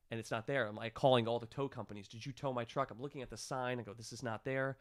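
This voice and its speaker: A man in his thirties telling a story in casual chat, animated and acting out the people he quotes. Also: mid-range voice, fast, clean tone, no room sound, studio quality. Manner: animated, acts out quoted dialogue. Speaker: guest, clinic staff member.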